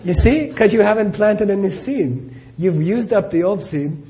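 A man's voice: sits high, animated, moderate pace, mellow. A middle-aged man, a Buddhist teacher, answering questions in a live talk as a chatty storyteller who laughs often and says "you know" a lot.

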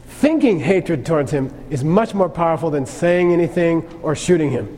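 A man's voice: fairly high pitch, lively intonation, fairly quick, hardly any pauses, warm tone. A man giving a lecture on Buddhist teaching, speaking conversationally and often checking in with "okay?". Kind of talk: lecture on karma. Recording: long reverb, faint noise.

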